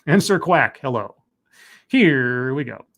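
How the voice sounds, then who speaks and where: A man hosting a live stream, chatting casually, joking at his own expense and pausing on lots of fillers. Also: medium pitch, expressive, a bit bright. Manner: chatty, self-deprecating, filler-heavy. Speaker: livestream host.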